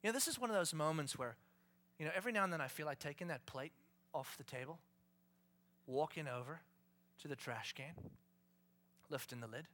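A middle-aged man preaching a sermon, animated, acting out quotes with raised and shouted voices. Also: on the high side, fairly quick, long pauses. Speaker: pastor.

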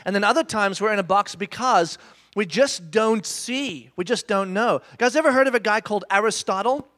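Man, thirties, high-pitched, animated, self-mocking, storytelling sermon. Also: moderate pace. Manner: animated, self-mocking, addresses the audience directly. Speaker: speaker.

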